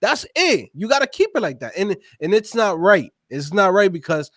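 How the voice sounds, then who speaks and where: A man co-hosting a casual podcast conversation, talking in an animated, slangy, emphatic way. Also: high voice, moderate pace, dry recording, clean studio sound. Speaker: podcast co-host.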